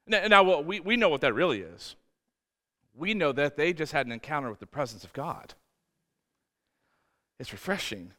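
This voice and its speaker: A man's voice: high-pitched, expressive, measured pace, pauses often, bright, forceful tone, in a large hall. A man preaching a sermon as pastor, emphatic and repeating words, often acting out voices in quotes. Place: church.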